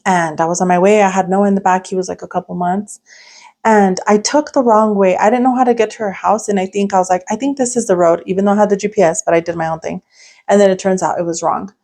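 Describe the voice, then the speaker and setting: A young woman co-hosts a podcast, chatting casually through a story with plenty of "like" fillers and restarts. She talks at a quick pace in a medium-pitched, steady, slightly mellow voice.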